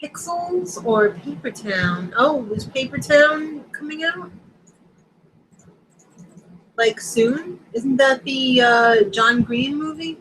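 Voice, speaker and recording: Brief: middle-aged woman from Long Island, chatty live-stream host, slightly high voice, faint room noise. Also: lively intonation, fairly bright tone, low-quality recording. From Long Island, New York. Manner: chatty, quick asides, reads viewer comments aloud. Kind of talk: casual live-stream chat.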